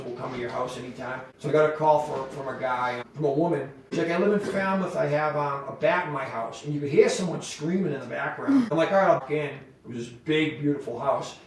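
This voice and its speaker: A man's voice: fairly high pitch, slight background noise. Man, middle-aged, casual storytelling, rambling, profane, echoey room, distant mic. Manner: rambling, profane, animated in quoted voices. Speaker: podcast guest, wildlife removal business owner.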